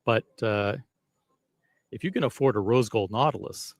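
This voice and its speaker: A man's voice: lowish voice, normal speed, no echo, studio quality. A man hosting a casual live stream, rambling and self-deprecating as he chats with viewers. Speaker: livestream host.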